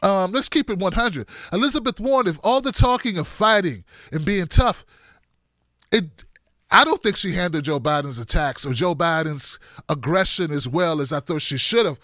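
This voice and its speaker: A male political commentator with a high, bright voice, talking in an animated, sarcastic way with a lot of emphasis. The sound is dry and close, with no room echo. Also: normal speed.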